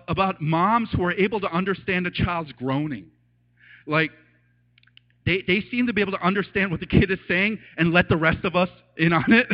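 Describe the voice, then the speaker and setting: A man preaching a casual, animated sermon as a pastor, telling stories and acting out voices with laughs. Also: high voice. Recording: dull lo-fi sound.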